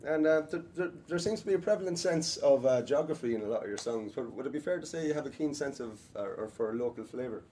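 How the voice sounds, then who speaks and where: A man's voice: mid-range voice, lively intonation, fast talker, hardly any pauses, warm tone, far from the mic, a little hiss or hum. A man interviewing, asking questions hesitantly with many fillers. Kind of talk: casual interview. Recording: voice from off-mic.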